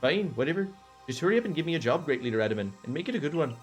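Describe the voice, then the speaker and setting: A man's voice: fairly high pitch, sing-song, rapid-fire, soft background music. A man doing Melly, a smug pompous clan leader. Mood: sneering. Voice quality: affected put-on accent. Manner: drawling, smug, belittling.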